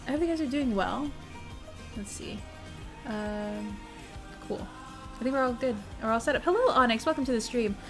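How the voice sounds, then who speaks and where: A young woman with a slightly high voice hosts a casual livestream from home. She is bubbly and chatty with viewers and swears now and then. Soft music plays faintly behind her. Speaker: livestream host. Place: home streaming setup. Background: faint music playing.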